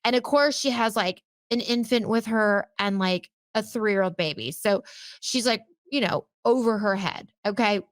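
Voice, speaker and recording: A woman co-hosting a casual chat show, telling animated stories and acting out what people said. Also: mid-range voice, normal speed, no echo, studio quality. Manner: animated, exclaims and acts out quotes. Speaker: podcast co-host.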